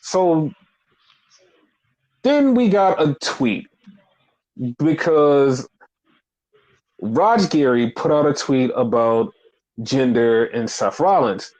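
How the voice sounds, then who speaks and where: A man's voice: mid-range voice, animated, very slow, long pauses, a little mellow, poor audio. A man in his thirties hosting a wrestling podcast, ranting in a heated, profane, filler-heavy casual way. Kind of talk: casual rant.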